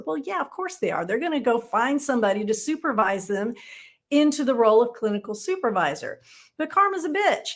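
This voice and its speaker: A woman with a slightly high voice runs a casual live training session for counseling supervisors. She talks bluntly and playfully, with frequent "right?" checks to her viewers. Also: animated, brisk. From Texas. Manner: chatty, frequent "right?" tag questions. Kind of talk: casual live-streamed teaching.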